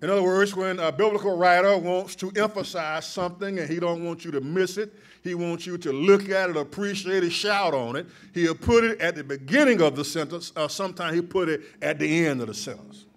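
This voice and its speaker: A male pastor preaching a sermon, moving from calm teaching to loud, emphatic peaks. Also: high voice, a little fast.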